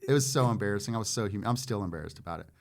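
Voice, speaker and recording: A man in his forties, a former Marine guest on a podcast, telling stories in a self-deprecating, halting way with lots of fillers. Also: lowish voice, lively intonation, darkish tone. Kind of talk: casual storytelling chat.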